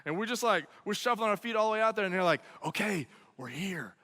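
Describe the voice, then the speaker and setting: A man telling a comic personal story to students, talking in an animated way and tagging his lines with "okay?" and "right?". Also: high voice, racing. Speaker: speaker at a student event. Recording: long hall reverb.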